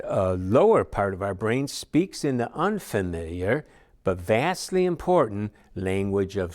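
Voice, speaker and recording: A middle-aged man with a fairly low voice, teaching a recorded class. He talks in a relaxed, folksy way, with plenty of "you know" and small asides. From Chicago area. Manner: conversational and folksy, with many asides and fillers.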